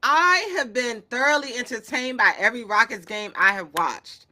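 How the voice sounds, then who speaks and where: A woman hosting a casual sports show, reacting with excitable, slangy chatter. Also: fairly high pitch, normal speed. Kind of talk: casual sports commentary chat.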